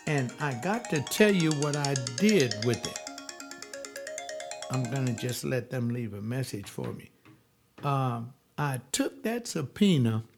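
Emphatic pastor telling his testimony. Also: a little high. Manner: emphatic, stretching key words slowly. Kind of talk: sermon-like personal testimony.

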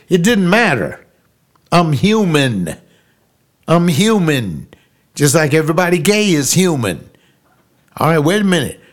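An older pastor with a slightly high voice tells a personal story slowly and with emphasis. He repeats phrases and gradually rises into preaching.

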